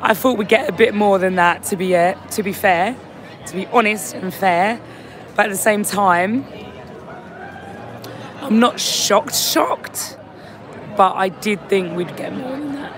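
Hoarse woman on a slow, tired live stream. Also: mid-range voice. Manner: tired, chatty, reads out viewer comments. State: hoarse, lost voice. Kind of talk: casual live-stream reaction chat. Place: outdoors on a city street outside a venue. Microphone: phone held at arm's length. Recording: crowd noise on a busy street.

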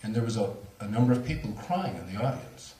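A man, a speaker on near-death experiences, telling a story to a lecture audience with animated, laughing delivery. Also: on the low side, fast, echoey room, recorded from a distance. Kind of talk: storytelling at a talk.

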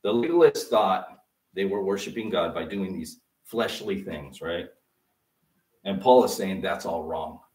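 A male pastor preaching a sermon, often pausing to let the congregation fill in a word. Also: low voice, animated, darkish tone. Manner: interactive preaching, prompting the congregation to fill in words. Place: church. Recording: roomy sound from a distant mic.

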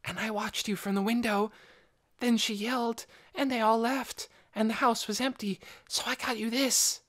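A man voicing a timid, limping young male who speaks in a hushed, breathless voice. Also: sits high, very animated, measured pace, husky, dry recording, studio quality, pitched above the performer's own voice, heavily acted. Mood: urgent, hushed. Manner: breathless whispering.

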